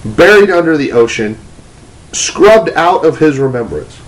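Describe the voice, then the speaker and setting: A man's voice: a little high, very animated, a little slow, a little hiss or hum, poor audio. A man giving a teaching talk, telling a personal story in a loose, conversational way with restarts and fillers. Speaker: preacher, ministry teacher. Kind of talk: testimony-style teaching talk.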